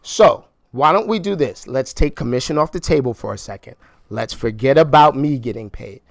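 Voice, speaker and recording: A man coaching a room on real estate sales calls, energetic and animated, acting out phone conversations. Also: medium pitch, moderate pace, creaky, no echo, studio quality. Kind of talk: sales training talk with role-play.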